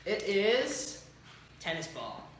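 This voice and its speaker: A woman hosting and judging a casual party game, announcing rounds in a brisk, deadpan way. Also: medium pitch. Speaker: game host and judge. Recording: echoey room, distant mic, background noise.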